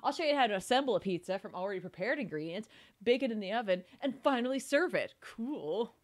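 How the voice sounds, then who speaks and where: A young woman from New Jersey streams a cooking game, her voice slightly high and lively in intonation as she talks fast. Giggly and chatty, she thanks viewers and reads the tutorial text out loud in casual live-stream gaming chat.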